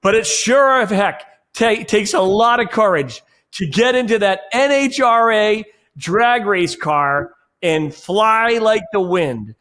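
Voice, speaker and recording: A man's voice: sits high, lively intonation, slow, a bit bright. A man hosting a podcast, asking questions in an eager, admiring way. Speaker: podcast host. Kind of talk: casual interview talk.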